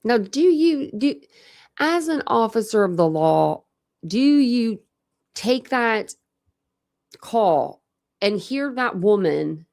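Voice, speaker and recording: A woman's voice: a little high, very animated, slow pace, vocal fry, long pauses, darkish tone. A woman hosting a true crime channel, chatting casually and thinking aloud as she reads out records. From Ohio. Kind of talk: casual case discussion, reading out records.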